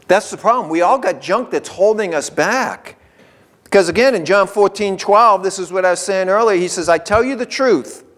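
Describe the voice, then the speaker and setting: A man's voice: sits high, fairly bright tone. A male pastor preaching a sermon in a church, talking conversationally and driving points home by repeating them. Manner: conversational preaching with emphatic repetition. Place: church sanctuary.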